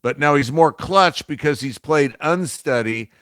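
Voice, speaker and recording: A man's voice: a little high, a little slow, a bit bright, no room sound, clean studio sound. A man co-hosting a sports talk show, chatting about football in a laid-back way with wry asides. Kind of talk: casual sports debate.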